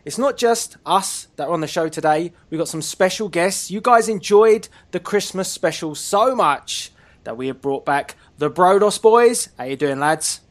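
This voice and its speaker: A man's voice: high-pitched, animated, moderate pace. A man hosting a casual online wrestling chat show, upbeat and laughing often. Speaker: host.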